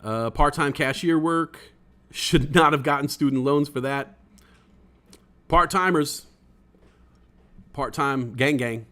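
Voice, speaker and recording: A man hosts a laid-back livestream podcast, reading chat comments out loud and rambling with excitement, occasionally swearing. His voice is a little high, and he talks slowly with frequent pauses.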